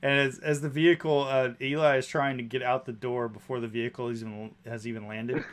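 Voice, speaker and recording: A man's voice: medium pitch, flat delivery, a little fast. A man narrating a tabletop game as game master, describing scenes with casual fillers.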